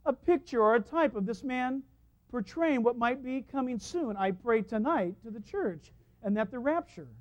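A man preaching a sermon as the church's pastor, telling stories in a lively way and laughing at his own anecdotes, recorded in a church. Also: very high voice. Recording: dull lo-fi sound.

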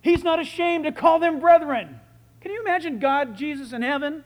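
A male preacher teaching from scripture with lively enthusiasm. He slows down to stress key phrases, then rushes ahead again, and his volume climbs and drops as he goes. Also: very high voice, in a large hall, a little hiss or hum. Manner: animated and enthusiastic, with big swings in loudness. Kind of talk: sermon.

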